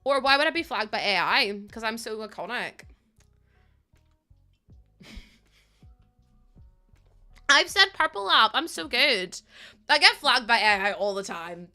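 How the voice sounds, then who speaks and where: A woman's voice: fairly high pitch, a little slow, long pauses, soft background music. A young woman with a Northern Irish accent, chatting casually and giggling with her live chat as a streamer. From Northern Ireland. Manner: chatty, giggly, loose and animated.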